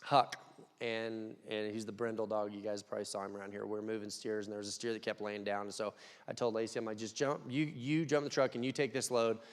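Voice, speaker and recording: A young man preaching a conversational sermon, dropping to quiet asides and rising to loud, emphatic peaks. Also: fairly low pitch, flat delivery, fast talker. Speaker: pastor. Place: church hall. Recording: long hall reverb.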